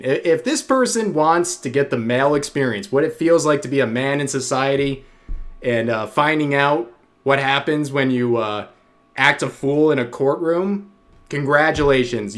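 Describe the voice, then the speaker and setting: A man's voice: medium pitch, lively intonation, normal speed, a bit bright. A man hosting a stream, mocking a clip in casual reaction commentary and reading donations aloud. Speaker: streamer host.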